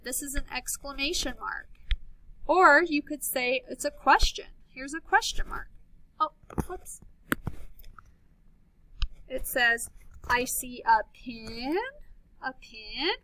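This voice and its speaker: A woman teaching an early reading lesson to young children, speaking slowly with clear, encouraging enunciation. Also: sits high, noisy background.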